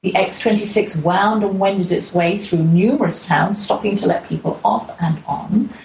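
A woman's voice: on the low side, normal speed, a little mellow. A middle-aged woman, originally from England, telling a chatty, lightly humorous travel diary as a show host. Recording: roomy echo with faint ambient noise.

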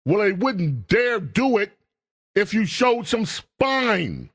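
Fiery talk radio man, lively pitch. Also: takes it slowly, breathy edge. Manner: fiery, scolding, emphatic. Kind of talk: political commentary rant.

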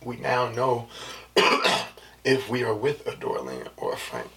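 A man hosting his own podcast, talking in a loose, slangy, rambling way with lots of fillers and a soft, low-key delivery. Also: big pitch swings, slow pace, vocal fry. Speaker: podcast host. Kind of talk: casual solo podcast chat. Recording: distant mic with faint background noise.

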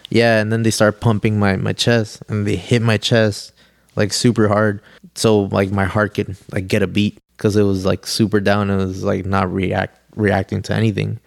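Young male guest, low and gravelly, rambling casual storyteller, dry close sound. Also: little pitch movement, normal speed, no room sound. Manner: rambling, heavy use of "like", swears freely. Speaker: podcast guest.

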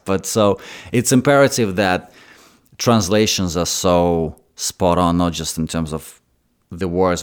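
A man from Russia with a Russian accent, a guest actor talking thoughtfully in a casual interview and often restarting his phrases. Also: sits low.

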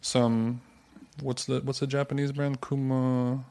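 A young man co-hosting a podcast in casual chat, joking and teasing with deadpan asides. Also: medium pitch, a little slow. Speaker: podcast co-host.

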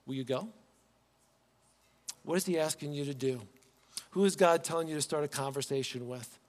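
A fairly high-voiced man preaching to his congregation in an easy, conversational manner. He keeps throwing rhetorical questions at the room. His voice rings with the long reverb of a church hall. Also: normal speed. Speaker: pastor. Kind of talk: sermon. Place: church sanctuary.

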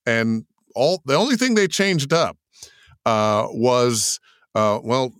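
An older man talks about his career as a voice actor with a smooth, resonant voice. He tells it like a storyteller, slipping into quoted voices. The sound is close and dry. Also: mid-range voice, slow, dry recording. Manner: animated storyteller, acts out quotes in put-on voices. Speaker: voice actor guest. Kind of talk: interview answers.

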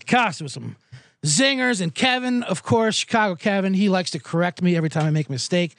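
A man's voice: high-pitched, animated, brisk, a bit bright, dry recording, clean studio sound. A man hosting a sports betting podcast alone in a small booth, talking in a rambling, profane, self-mocking way. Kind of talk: casual sports betting talk on a live podcast. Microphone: studio microphone.

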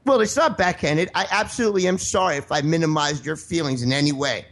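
This radio host sounds a little high and fairly bright, talking quickly as he spars with a caller. He's defensive and profane, cutting in and insisting over and over that he be allowed to finish.

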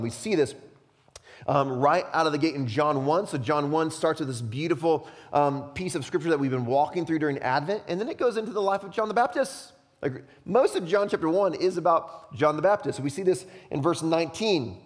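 A man preaching a sermon as pastor, speaking emphatically and often dropping to a quiet, intense hush. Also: on the high side, brisk, in a large hall.

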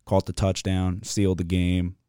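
A man's voice: low-pitched, completely flat delivery, moderate pace, mellow, clean tone, no room sound, clean studio sound. A young man hosting a casual sports podcast, telling stories bluntly and cursing freely. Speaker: podcast host.

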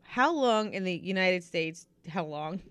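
A woman's voice: on the low side, animated, a little slow, fairly bright tone, smooth, no echo. A young woman co-hosting a podcast in casual chat, teasing and giggly, reading out fun facts. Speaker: podcast co-host.

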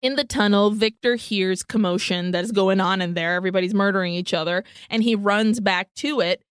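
A woman co-hosting a podcast, recapping a film in casual chat, animated, swearing freely and acting out the characters' lines. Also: mid-range voice, clear, resonant tone, dry recording, clean studio sound. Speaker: podcast co-host.

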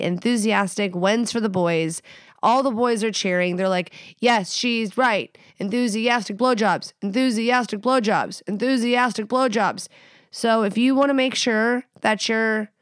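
A woman's voice: mid-range voice, clean tone, no room sound, clean studio sound. Blunt, profane woman podcast host. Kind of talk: casual sex advice podcast.

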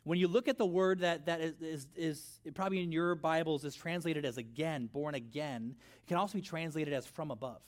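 A middle-aged man preaching a sermon in a church, conversational and animated, with storytelling asides. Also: fairly high pitch, fairly quick, hardly any pauses. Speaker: pastor.

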